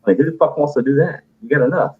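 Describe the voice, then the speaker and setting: A man's voice: a little high, racing, husky. A man who is a caller on a live audio panel, talking in casual chat with emphatic, profane, rambling speech. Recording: tinny phone-line audio.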